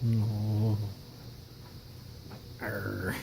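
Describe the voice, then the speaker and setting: A man at home talking to his cats in soft, cooing baby talk, chuckling often as he films them on a handheld camera. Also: medium pitch, lively intonation, slow, slight background noise, rough recording. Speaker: pet owner filming his cats. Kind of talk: casual talk to pets. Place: home indoors, hallway and living room.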